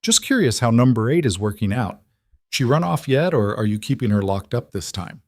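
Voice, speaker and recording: A man's voice: medium pitch, sing-song, moderate pace, a little mellow, no room sound, clean studio sound. A man playing a cocky young prospector from Boston who taunts with a grinning, mocking tone. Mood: taunting.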